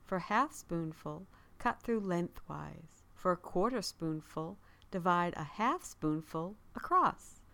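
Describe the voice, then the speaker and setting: A woman reading a children's story aloud in a slow, measured way, with recipes read out as part of the tale. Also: lowish voice, lively intonation, gravelly, pushed and bright.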